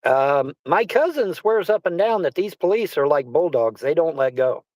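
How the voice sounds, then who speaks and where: A man with a high voice talks in a rambling, casual way, circling back over the same phrases and swearing freely. The recording is dry and close. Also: sing-song, moderate pace, a little mellow, no room sound, poor audio. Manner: rambling, repeats himself, swears often. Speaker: livestream host. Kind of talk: casual chat. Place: Arizona.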